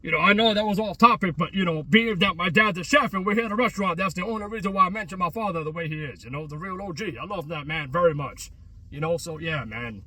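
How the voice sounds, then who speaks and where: A man talks in a loose, repetitive vlog style, full of slang and false starts. His voice is bright and husky. It sits a little back from the mic, with no echo around it. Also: sits high, fast, recorded from a distance. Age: 30s. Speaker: travel vlogger. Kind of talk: rambling casual chat. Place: outdoors by a closed restaurant at a mall.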